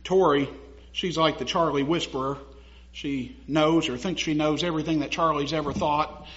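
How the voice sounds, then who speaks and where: High-voiced, bright-toned man preaching. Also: fairly even intonation, normal speed. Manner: conversational preaching, laughs at own stories, rises to emphatic. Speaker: pastor. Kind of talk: sermon. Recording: dull lo-fi sound.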